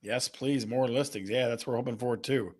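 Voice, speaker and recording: A man's voice: medium pitch, fairly quick, a little mellow. A man hosting a casual live-stream chat, playful and teasing as he banters with viewers. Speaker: host.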